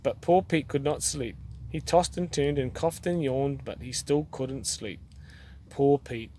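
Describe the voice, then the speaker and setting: New Zealand dad reading a storybook. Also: male voice, medium pitch, unhurried, slight background noise. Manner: gentle, expressive reading with small restarts. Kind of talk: reading a children's picture book aloud.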